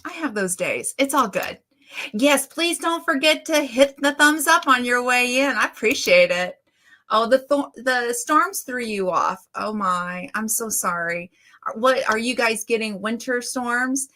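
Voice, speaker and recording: A woman's voice: on the high side, lively intonation, measured pace, bright, forceful tone. A middle-aged woman, hosting a casual livestream and greeting viewers by name in a chatty way. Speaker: livestream host. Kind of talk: casual live chat.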